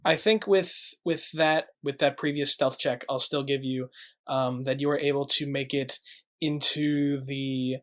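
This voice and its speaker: A man's voice: medium pitch, fairly even intonation, unhurried, a bit bright. A man narrating as game master of a tabletop game, rambling with many fillers.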